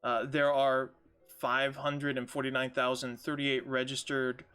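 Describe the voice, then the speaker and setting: A man's voice: mid-range voice, monotone, measured pace, pushed and bright, clear, resonant tone. A man playing a tabletop game over voice chat, joking and laughing, and reading notes aloud to the party. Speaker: player.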